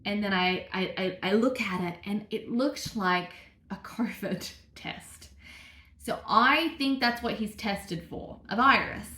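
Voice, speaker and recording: A young woman, telling a personal story to camera in a chatty, animated way with lots of fillers. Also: medium pitch, slow pace, echoey room. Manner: chatty, animated, acts out quotes, many fillers. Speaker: vlogger.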